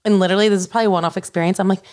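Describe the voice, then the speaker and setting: A woman's voice: mid-range voice, very fast. A young adult woman co-hosting a podcast, telling stories in casual chat and acting out what others said. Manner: animated storytelling, acts out quoted voices. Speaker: podcast co-host.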